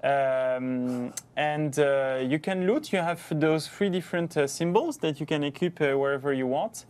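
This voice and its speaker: A man with a French accent presents a game update in a casual livestream. He speaks slowly and carefully, often pausing on fillers as he searches for the word. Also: a little high, a little mellow. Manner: hesitant, many fillers, slow and careful.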